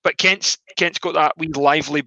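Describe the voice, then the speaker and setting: A man, co-hosting a casual football podcast, animated and opinionated. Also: a little high, moderate pace, creaky, no echo, poor audio. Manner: animated, opinionated, restarts often. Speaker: podcast co-host.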